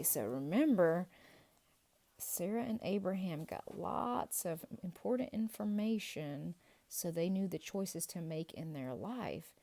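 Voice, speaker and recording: Woman kids' teacher, lively playful quiz delivery, mellow low voice, slow and encouraging. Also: gravelly. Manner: playful, animated and encouraging, drawn-out answer reveals. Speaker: children's ministry teacher. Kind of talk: quiz review for kids.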